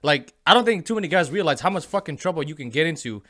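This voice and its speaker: A man's voice: on the high side, lively intonation, quick pace, pushed and bright. A man co-hosting a podcast in casual talk, swearing freely and saying "you know what I mean" a lot. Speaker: podcast co-host. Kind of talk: casual chat.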